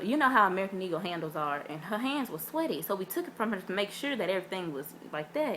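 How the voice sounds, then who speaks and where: A woman's voice: on the low side, slight background noise. A woman vlogger telling a story in a chatty, casual way, full of fillers and acting out what people said. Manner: animated, acts out quotes with big voice swings.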